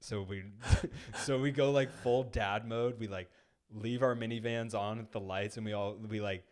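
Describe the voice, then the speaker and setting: Low-voiced man telling a rambling story. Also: fairly even intonation, unhurried. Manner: rambling, heavy use of "like", acts out quoted lines. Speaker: podcast co-host. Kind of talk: casual storytelling. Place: podcast studio. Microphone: studio microphone.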